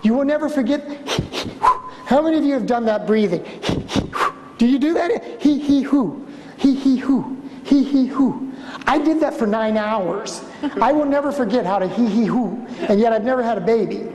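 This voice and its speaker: A man giving a storytelling conference lecture as a museum director, an animated speaker who acts out the voices in his stories. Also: extremely high pitch, normal speed. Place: conference hall. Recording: reverberant lecture hall.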